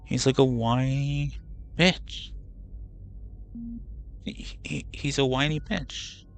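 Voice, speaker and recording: Gravelly, swearing gaming streamer guy. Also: medium pitch, little pitch movement, measured pace, a little hiss or hum. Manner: rambling, profane, self-correcting. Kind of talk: casual gaming livestream chat.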